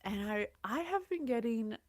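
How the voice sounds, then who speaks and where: With a slightly high, somewhat mellow voice and lively intonation, this psychic show host moves at a moderate pace through a laid-back livestream reading. She's effusive, welcoming viewers by name, and there's no echo.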